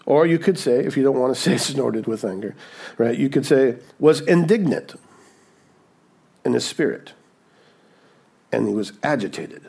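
A man delivering a sermon in an easy, conversational teaching voice that keeps checking in with his listeners. His delivery swings widely, climbing to emphatic, raised peaks and sinking to hushed, low moments. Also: animated, unhurried, creaky, long pauses, husky. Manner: conversational, checks in with "okay?" and "right?". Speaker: pastor.

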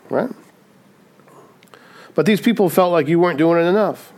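Pastor, male, slightly high voice, chatty preaching with rhetorical tags. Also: lively intonation, normal speed, pauses often, darkish tone. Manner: acts out quoted voices. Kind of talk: sermon.

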